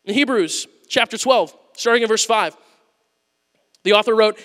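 A man preaching a conversational sermon, going from loud emphasis to quiet asides. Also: high-pitched, normal speed, long pauses. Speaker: pastor. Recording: long hall reverb.

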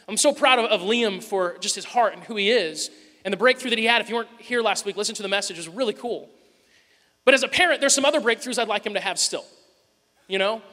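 A pastor in his thirties talks fast in a high, pushed, bright voice, chuckling as he tells humorous personal stories in a casual sermon. He addresses his congregation in a large church hall, and the recording carries the hall's long echo.

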